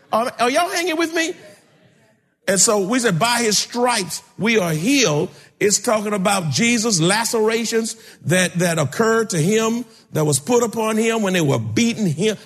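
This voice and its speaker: Preacher guy, high husky voice, big echoey church, call and response. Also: fairly bright tone. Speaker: pastor. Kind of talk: sermon. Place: church sanctuary. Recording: long hall reverb.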